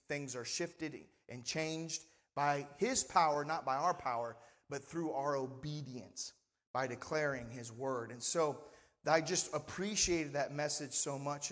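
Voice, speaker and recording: In a church sanctuary with big-room acoustics, a male pastor with a voice on the high side preaches conversationally, frequently asking the congregation to respond.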